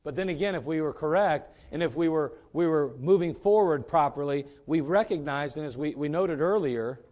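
A man preaching a sermon as pastor, emphatic and rising to loud peaks. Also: on the high side, moderate pace, muffled recording.

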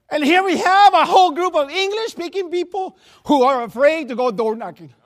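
High-voiced Spanish-accented man preaching. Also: expressive, a little fast. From Latin America. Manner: repeats words and restarts, laughs at himself, storytelling. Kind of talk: sermon. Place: church sanctuary.

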